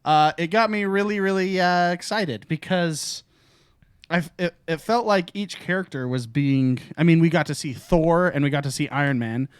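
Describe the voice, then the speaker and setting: A man's voice: a little high, normal speed, clean tone, dry recording, clean studio sound. A man co-hosting a gaming podcast in casual chat, eagerly explaining with examples. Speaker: podcast co-host.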